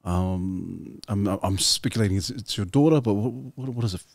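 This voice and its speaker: A man's voice: low-pitched, moderate pace, gravelly, dry recording, clean studio sound. A man hosting a podcast, asking long, rambling interview questions at an uneven pace. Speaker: podcast host.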